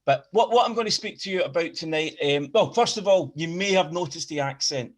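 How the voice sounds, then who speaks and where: A man's voice: a little high, a little fast. Glaswegian man giving a lecture. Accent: Glaswegian Scottish. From Scotland. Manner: repeats words and restarts often while explaining. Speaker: guest lecturer. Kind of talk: academic lecture.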